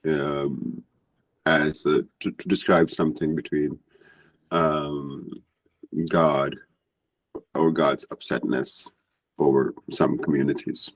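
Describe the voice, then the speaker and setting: Very deep-voiced man, native Urdu speaker. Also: steady tone, no echo. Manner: halting, restarts mid-phrase. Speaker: class host and teacher. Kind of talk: guiding a language lesson.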